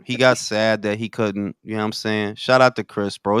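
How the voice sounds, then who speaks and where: A man's voice: lowish voice, fairly even intonation, moderate pace, fairly bright tone, smooth, no echo, studio quality. A man hosting a casual live boxing talk stream, joking and slangy, saying "bro" a lot. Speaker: host.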